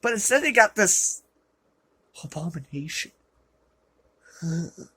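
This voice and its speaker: An exasperated film reviewer rants through a review with biting sarcasm and sudden loud outbursts. The voice is rough and sits at a middle pitch. The sound is dry and close. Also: sing-song, slow pace, no echo. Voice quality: self-described rough voice. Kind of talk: ranting movie review. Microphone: low-quality camera.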